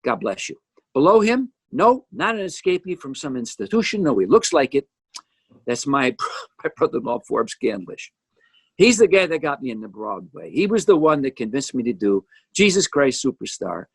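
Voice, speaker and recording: A lively older man talks through his music video in a casual, joking way. His voice sits a little high for a man and jumps around a lot. The sound is close and dry, with almost no room in it. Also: normal speed, slightly rough, dry recording. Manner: jokey, animated, teasing asides. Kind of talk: casual commentary. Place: home.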